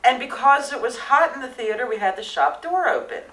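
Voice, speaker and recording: A woman who was a stage manager, recalling a theatre incident in an interview and shouting out the quoted lines. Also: high-pitched, animated, a little fast, echoey room, distant mic, poor audio. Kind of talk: interview anecdote.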